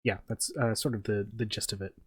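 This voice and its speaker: A man's voice: fairly low pitch, fairly even intonation, fairly quick. A man narrating a tabletop game as game master, in a loose, rambling way full of fillers.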